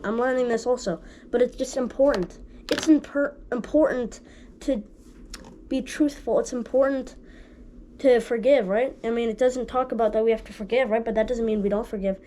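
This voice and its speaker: Woman, casual home Bible teacher, higher pitch, halting delivery full of restarts and "right?" check-ins. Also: a little mellow, slight background noise. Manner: halting, restarts often, asks "right?" and "okay?" constantly. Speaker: amateur online Bible teacher.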